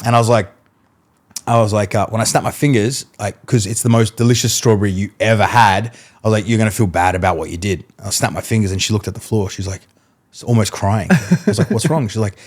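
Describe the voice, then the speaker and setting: A man, a mentalist guest, telling animated stories in casual podcast chat and acting out what people said. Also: lowish voice, fast. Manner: animated storyteller, acts out quotes, laughs mid-story.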